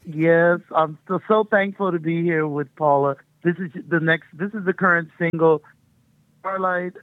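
A woman's voice: fairly low pitch, steady tone, moderate pace, dry recording. A middle-aged woman, a touring music artist, chatting upbeat and rambling as a guest calling into a radio show. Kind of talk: phone interview on radio. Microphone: phone call. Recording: tinny phone line.

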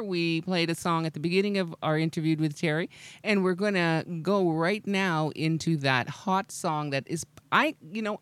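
A woman's voice: low voice, smooth, dry recording. A woman hosting a radio interview, upbeat and promotional as she wraps up. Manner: upbeat, promotional, laughs easily.

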